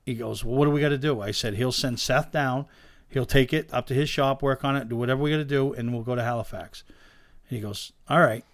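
A man, a guest telling lively stories about owning race cars in a casual chat, acting out the voices of the people in them. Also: medium pitch, brisk, no echo. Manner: animated anecdote teller, acts out quoted dialogue. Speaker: guest, race car owner. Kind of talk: casual storytelling in a podcast chat.

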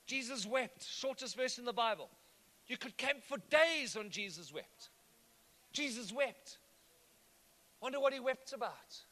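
A pastor with an extremely high-pitched, slightly bright voice preaches a sermon at normal speed with lively intonation. His style is conversational, and he often asks the congregation whether they follow.

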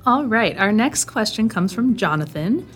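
A woman co-hosting a parenting podcast, who introduces listener questions in an upbeat, steady way. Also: mid-range voice, normal speed, soft background music. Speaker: podcast co-host.

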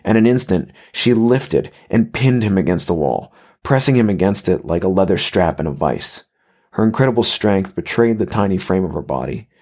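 A man reading a horror story aloud in measured, even scripted narration. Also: deep voice.

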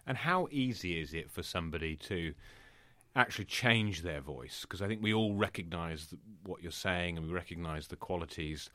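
A male interviewer with a very deep voice asks questions in a halting way, repeating words as he feels his way in. The sound is dry and close, with little room echo. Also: lively intonation, pushed and bright.

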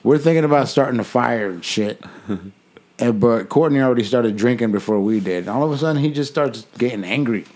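A man co-hosting a casual podcast, telling a profane story and loudly acting out the voices in it between laughs. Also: medium pitch, brisk. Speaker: podcast co-host.

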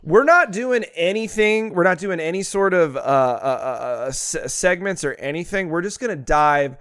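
A man's voice: high voice, animated, fairly bright tone, clean tone, dry recording, clean studio sound. Ranting, foul-mouthed male podcast host. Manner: crude, ranting, quick to outrage. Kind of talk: casual profane podcast banter.

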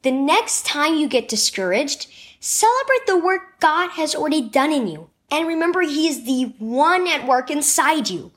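Animated high-voiced woman storyteller. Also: normal speed. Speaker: devotional reader. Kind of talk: scripted children's devotional narration.

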